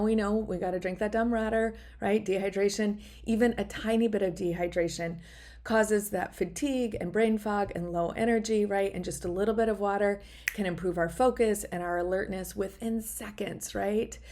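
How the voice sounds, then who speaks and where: A woman's voice: medium pitch, darkish tone. A middle-aged woman hosting a podcast, leading listeners through a short wellness exercise in an upbeat, encouraging way, often checking in with "right?". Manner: upbeat, encouraging, narrates her own actions; frequent "right?" tag questions. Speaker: podcast host. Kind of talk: guided wellness talk.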